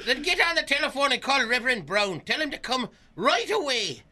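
Radio guy doing a dying old irish man, fake irish accent, high and swoopy, cracking up, noisy line. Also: big pitch swings, fairly quick. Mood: groaning. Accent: put-on Irish. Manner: breaking into laughter mid-line. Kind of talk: comedy radio skit.

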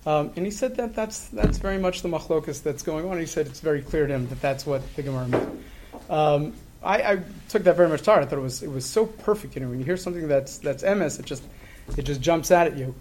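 A middle-aged man telling a story in a conversational way, halting with many fillers and restarts, earnest and reflective. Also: fairly high pitch, animated, a little mellow, slight background noise.

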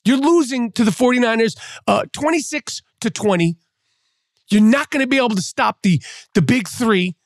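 A man's voice: extremely high pitch, animated, normal speed, dry recording. A male podcast host delivering a profane, mocking sports rant. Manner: profane, mocking, trash-talking.

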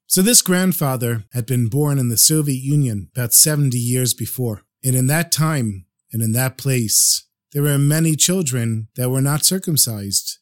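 Man, storytelling podcast host, affectionate, middle pitch. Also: expressive, normal speed, few pauses. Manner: affectionate, addresses listeners as friends.

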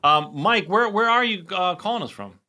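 A man's voice: high voice, lively intonation, moderate pace, bright, forceful tone. A man co-hosting a podcast, chatting casually with a caller, laughing often and restarting sentences. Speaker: podcast co-host. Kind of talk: casual chat.

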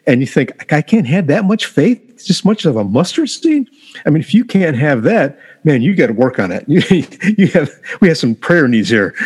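A man offering earnest encouragement about faith and quoting scripture as he talks. His voice has a husky edge. He speaks conversationally, as if to friends. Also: medium pitch, darkish tone. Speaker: co-host of a faith talk show. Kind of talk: conversational Bible teaching.

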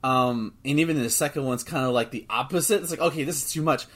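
A man co-hosting a podcast in casual chat, excitable, swearing freely and restarting his sentences often. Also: medium pitch, fast talker. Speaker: podcast co-host.

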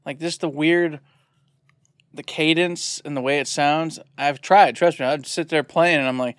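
Give me a playful man co-hosting a game podcast, a bit high-pitched, recorded dry. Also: unhurried, dry recording. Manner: animated, laughs often, jokey. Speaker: podcast co-host. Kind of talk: casual chat.

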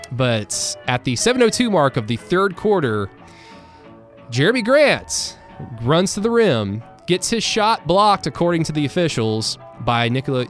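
A man co-hosting a post-game sports podcast in casual, joking chat, recapping plays with fillers and restarts. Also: medium pitch. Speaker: podcast co-host.

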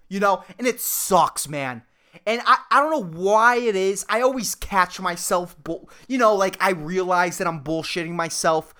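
A man's voice: sits high, a little slow, bright, forceful tone. A young man, hosting a solo podcast and ranting angrily with lots of swearing. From Puerto Rico. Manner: angry, profane, ranting. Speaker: podcast host.

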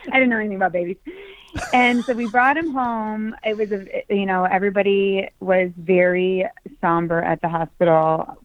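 A woman guest telling a personal story on a podcast, lively and excited as she recounts it. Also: medium pitch, moderate pace. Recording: dry tinny phone-like sound.

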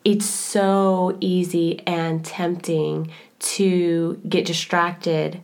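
A woman in her thirties co-hosting a casual faith podcast, earnest and animated, with playful laughing voices when she quotes herself. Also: lowish voice, extremely slow. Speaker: podcast co-host.

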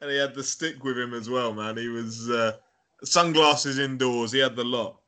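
A man's voice: mid-range voice, fairly even intonation, normal speed, pushed and bright. A man from England interviewing a guest in a friendly, easygoing way. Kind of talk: casual interview chat.

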